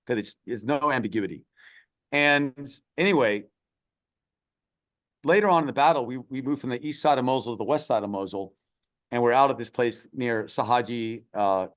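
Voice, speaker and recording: Animated middle-aged man telling war story. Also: lowish voice. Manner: animated storytelling, quoting others, emotional. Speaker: podcast guest, former Army Ranger. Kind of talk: personal war story in conversation.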